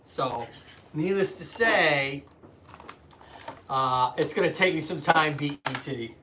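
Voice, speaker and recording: A man's voice: fairly high pitch, takes it slowly, sharp tone, slight background noise. Chatty man with a raised voice. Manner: chatty, greets viewers by name, rambling asides. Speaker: physical therapist and live streamer. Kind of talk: casual live stream chat and anatomy explanation. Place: indoors at home.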